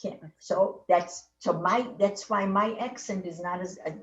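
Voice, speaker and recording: A woman's voice: medium pitch, measured pace, a bit bright. A woman in her eighties with a foreign accent, telling her life story in a meandering, repetitive way, circling back and restarting her sentences. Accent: foreign accent in English. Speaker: Holocaust survivor interviewee. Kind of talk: oral history storytelling. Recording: dull, echoey, distant audio.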